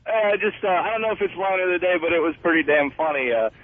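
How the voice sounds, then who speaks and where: Brief casual male caller, high voice, tinny phone line. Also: lively intonation, fast, no room sound.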